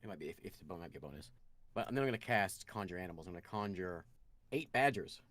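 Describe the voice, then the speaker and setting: A man with a lowish voice plays a druid in a tabletop game. He talks through his turn out loud, hesitating and restarting as he works out his moves. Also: animated, fast talker, no room sound. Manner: hesitant, thinks aloud with ums and restarts. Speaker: player, druid. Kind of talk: casual tabletop game play.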